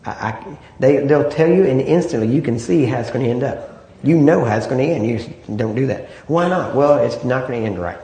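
With a warm tone and medium pitch, this preacher moves briskly through his sermon in a relaxed, conversational style, drawing the congregation in with frequent "Amen?" and "right?" The recording has room echo.

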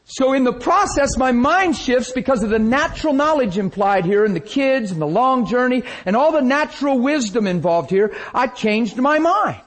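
A male preacher telling a personal testimony in a sermon, animated storytelling that acts out the scenes. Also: very high voice, normal speed, few pauses. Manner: animated storytelling, acting out his own crying.

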